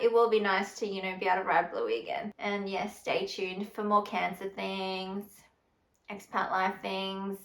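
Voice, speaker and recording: A young woman telling an animated storytime rant, acting out others' lines as she retells them. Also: mid-range voice, echoey room. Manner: animated, acts out others' lines in quoted voices. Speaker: vlogger.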